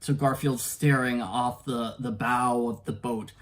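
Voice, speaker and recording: A man's voice: medium pitch, fairly even intonation, measured pace. A man giving a casual spoken book review. He stammers, repeats words and chuckles between points.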